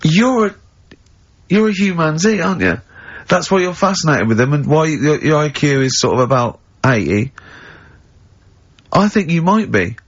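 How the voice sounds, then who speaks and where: A man's voice: on the high side, big pitch swings, moderate pace, slightly rough. A man, hosting a radio show in casual banter, telling rambling anecdotes with bursts of giggly laughter. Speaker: radio host. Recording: dull lo-fi radio broadcast.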